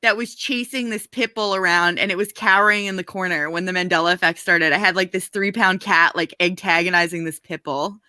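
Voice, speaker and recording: A woman's voice: fairly low pitch, fairly even intonation, a little fast, few pauses, sharp tone, clear, resonant tone, no echo. A woman from Saskatchewan, Canada, a guest on a casual livestream chat, talking loosely and giggling often. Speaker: guest, online channel host.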